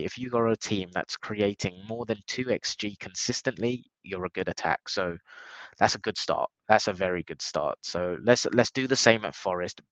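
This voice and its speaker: A man's voice: low voice, a bit bright, dry recording, rough recording. A man hosting a casual podcast, nasal from a cold, upbeat and blunt. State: has a cold. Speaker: podcast host.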